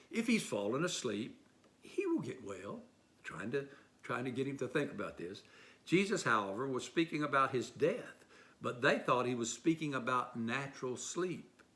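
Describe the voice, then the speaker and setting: A male pastor delivers a church sermon in a bright, forceful voice. He tells stories and acts out the quoted speakers, his voice jumping up and dropping low. The delivery is steady and earnest, pitched in the middle for a man. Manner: storytelling, voices quotes with lively pitch swings.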